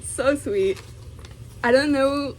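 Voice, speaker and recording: A woman's voice: sits high, slow, slight background noise. A young woman vlogging casually, giggling and gushing with many fillers as she unboxes something.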